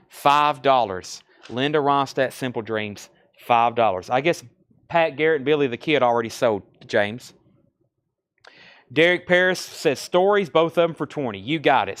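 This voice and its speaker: Brisk Southern man selling records. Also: a little high, a bit bright. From Tennessee. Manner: brisk auctioneer-like listing of prices and buyers. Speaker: live record sale host. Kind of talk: live-stream sales patter.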